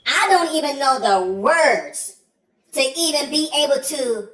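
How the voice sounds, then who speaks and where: A man playing an outraged, loud mother of many kids in a satirical skit, ranting and shouting with mock sobs. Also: very high-pitched, normal speed, roomy sound, a little hiss or hum, pitched above the performer's own voice. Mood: exasperated.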